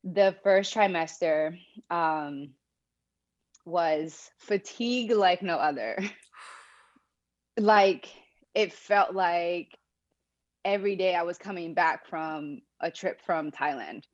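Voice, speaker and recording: Brief: young woman guest, lowish voice, reflective, laughs often, dull lo-fi sound. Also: takes it slowly, pauses often. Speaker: podcast guest. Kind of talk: casual interview talk.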